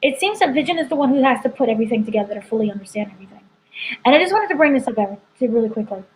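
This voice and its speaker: A woman's voice: a little high, lively intonation, rapid-fire, darkish tone, a little hiss or hum, rough recording. A woman editor chatting casually through a spoiler review, rambling with lots of "like" and "you know". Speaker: entertainment editor reviewing a TV episode.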